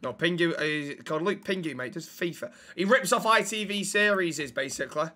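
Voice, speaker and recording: A man's voice: fairly high pitch, expressive, a little fast, sharp tone. A young man, chatting bluntly and swearing while streaming a game. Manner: sweary, blunt banter with chat. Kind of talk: live-stream chat while gaming.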